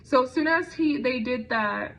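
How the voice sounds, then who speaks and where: A woman's voice: high voice, moderate pace, fairly bright tone, slight background noise. A young woman telling a personal story in a conversational way, with frequent fillers and restarts. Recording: dull lo-fi recording.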